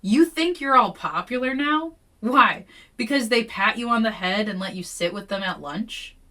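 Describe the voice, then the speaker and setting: A woman's voice: a little high, expressive, moderate pace, recorded from a distance. Woman reading as a snarling jealous teen girl. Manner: snarling and yelling. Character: resentful strange teen girl, jealous and hostile.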